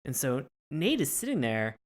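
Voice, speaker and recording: Lively, laughing podcast co-host man. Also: mid-range voice, moderate pace. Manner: animated storytelling, laughs often. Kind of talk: casual review chat.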